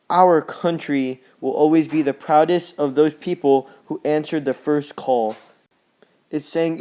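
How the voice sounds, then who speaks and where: Teen boy, slightly high voice, halting school presentation, plain delivery with lots of filler. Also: a little mellow. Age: teens. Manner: halting and plain, often says "pretty much" and "just". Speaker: student presenter. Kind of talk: class presentation analyzing posters.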